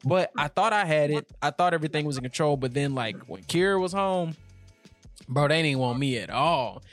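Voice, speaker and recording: A man's voice: a little high, moderate pace, soft background music. A young man and father, co-hosting a casual chat, telling stories with lots of energy and frequent laughs. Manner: animated storytelling, laughs often. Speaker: podcast co-host, father.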